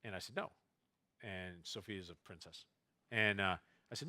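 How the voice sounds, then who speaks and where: A man telling family anecdotes to a festival audience, quoting relatives in quick asides. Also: sits low, bright, forceful tone, no room sound. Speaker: novelist speaking at a festival. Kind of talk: storytelling talk to an audience. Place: festival stage before a live audience.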